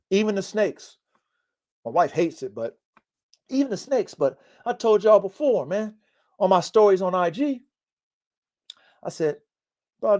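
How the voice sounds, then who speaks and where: A man hosting a casual live-stream podcast about his dogs, talking bluntly and preachily, swearing often and repeating himself for emphasis. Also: sits high. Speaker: podcast host and dog breeder. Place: home in the mountains.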